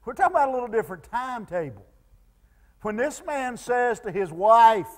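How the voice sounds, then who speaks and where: A male pastor preaching with a very high voice. He stammers through restarts and swings between loud urgency and hushed, quiet lines. Plain sermon delivery from the pulpit. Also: sing-song, moderate pace.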